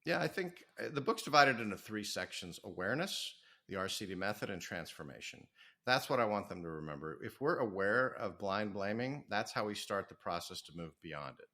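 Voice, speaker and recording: Energetic middle-aged man with a low, bright voice. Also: fairly quick. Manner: energetic, storytelling, self-promoting. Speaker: author and business coach. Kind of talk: podcast interview.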